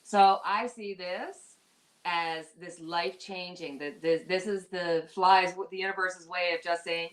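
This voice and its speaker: A woman from Newfoundland with her accent, reading tarot cards in casual chat. Her voice sits low for a woman, and she leans hard on her points, often stretching them out slowly. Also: fairly even intonation, rough recording. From Newfoundland, Canada. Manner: chatty, emphatic, slows down to stress points. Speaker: tarot reader. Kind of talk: casual live-stream chat.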